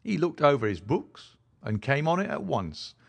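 A man's voice: a little high, big pitch swings, normal speed, creaky, slightly rough, heavily acted. A man voicing a self-satisfied male police detective recounting his inquiry in a story reading. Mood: boastful.

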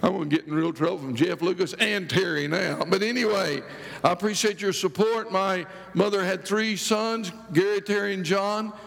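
A man's voice: high-pitched, normal speed, gravelly, a bit bright, in a large hall. A man preaching a sermon to a church, joking and rambling through stories with many restarts. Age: older. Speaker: guest preacher. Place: church sanctuary.

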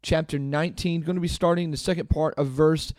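A man with a slightly high voice hosts a devotional podcast, reading a passage and then unpacking it in an easygoing, chatty way. He keeps checking in with the listener as he goes. The sound is close and dry, with no room around it. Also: fairly even intonation, fairly quick, darkish tone, no echo. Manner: casual and conversational, often adding "okay?". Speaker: podcast host and Bible teacher. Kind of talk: devotional Bible talk.

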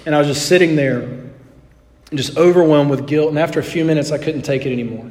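A middle-aged man preaching a sermon, telling a personal story in an animated way and acting out both sides of the dialogue. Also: a little high, fast talker. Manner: animated anecdote, acting out dialogue, drops to soft tones. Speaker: pastor. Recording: long hall reverb.

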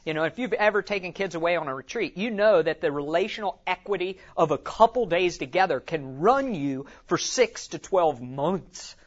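A man giving an animated teaching talk at a conference. He tells it like a story, acts out quotes and often says "you know". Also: high voice, normal speed, few pauses, muffled recording. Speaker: conference speaker.

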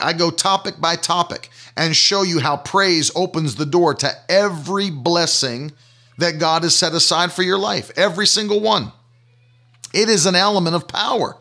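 An emphatic male preacher with a high, bright voice delivers a sermon. He hammers his points by repeating them, pushing the tempo up and slowing down to stress a line.

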